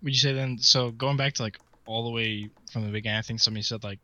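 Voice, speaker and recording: A man asks a long question in casual chat, stumbling over words and repeating himself. His voice is bright and flat in pitch, and the sound is dull and a little distant. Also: quick pace, no room sound. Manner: hesitant, repeats words while asking questions.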